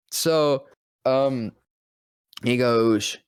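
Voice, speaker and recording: A man's voice: medium pitch, smooth, no echo. Young man rambling through a story. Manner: rambling, profane, quick to laugh. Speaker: podcast guest, voice actor. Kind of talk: casual storytelling chat.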